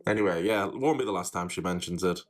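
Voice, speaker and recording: A man's voice: low voice, fast, faint music behind. A man giving casual, sarcastic reaction commentary with dry jokes.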